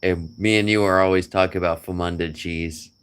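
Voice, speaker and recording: A man's voice: low-pitched, fairly even intonation, fairly quick, smooth. A middle-aged man chatting casually to a friend, rambling and joking with chuckles. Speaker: vlogger.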